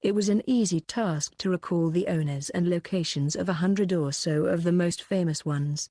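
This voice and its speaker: A woman narrating an audiobook with a steady, even reading. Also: lowish voice, normal speed, hardly any pauses, no room sound, studio quality.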